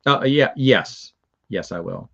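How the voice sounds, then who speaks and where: A man's voice: mid-range voice, lively intonation, slow, creaky, a bit bright, highs cut off. A man with a Southern accent, hosting a review show and chatting casually with viewers, rambling and chuckling as he goes. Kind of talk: casual live chat with viewers.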